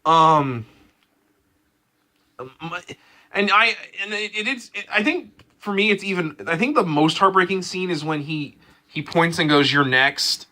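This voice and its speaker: A man casually rambling through an anime episode review, full of fillers, restarts and excitement. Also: high voice, a little slow.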